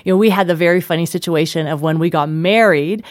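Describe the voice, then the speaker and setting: A middle-aged woman, an author and guest, telling stories in lively conversation, laughing and acting out the voices of the people she quotes. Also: lowish voice, fast, no room sound, studio quality. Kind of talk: conversational storytelling.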